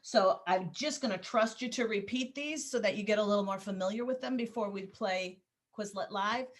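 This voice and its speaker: A woman teaching a Spanish class over a video call, patient and encouraging, drilling words slowly. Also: medium pitch.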